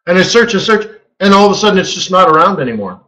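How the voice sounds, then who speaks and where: A man hosting a live trading webinar, telling a story in a casual, animated way and acting out quotes with a chuckle. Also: high-pitched, fast, poor audio. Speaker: forex market strategist hosting a live webinar.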